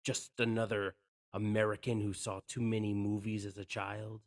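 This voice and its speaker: A man's voice: on the low side, little pitch movement, normal speed, dry recording, studio quality, lightly acted. A man reading a cold, scheming male terrorist leader from a script, stumbling over some words. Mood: cool, mocking.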